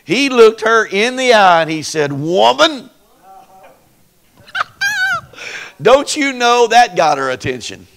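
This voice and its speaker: This pastor's voice is high and very animated, moving at a moderate pace with barely a pause, slightly bright and smooth in tone. He delivers a folksy, dramatic Pentecostal sermon, voicing the characters in his story and drawing call-and-response from the congregation.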